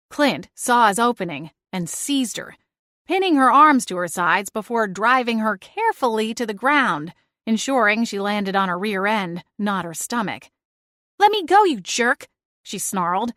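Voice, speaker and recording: A woman narrating a first-person audiobook in a lively, dramatic storytelling manner. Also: on the high side, dry recording, studio quality.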